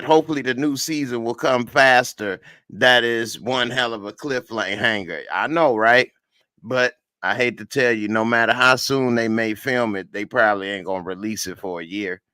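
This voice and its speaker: A man's voice: on the low side, bright, forceful tone, smooth, no echo. Tired, slangy man reviewing TV. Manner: laid-back, slangy, tired late at night. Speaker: TV show reviewer. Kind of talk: casual live-stream chat, reading viewer comments.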